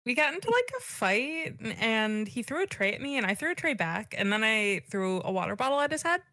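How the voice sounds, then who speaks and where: A woman's voice: a little high, very animated, brisk, bright, forceful tone, no room sound. A woman playing a tabletop game, talking in character in a brash, slangy valley-girl way. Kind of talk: in-character roleplay.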